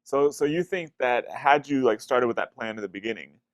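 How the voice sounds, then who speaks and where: Fast-talking male interviewer. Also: medium pitch, animated, no room sound. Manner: brisk, many backchannels. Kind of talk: interview questions.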